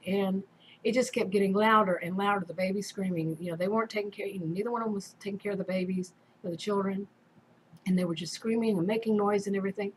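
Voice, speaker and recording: A woman's voice: medium pitch, slight background noise, poor audio. A woman casually telling a personal story in a rambling way, full of fillers and restarts. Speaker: vlogger.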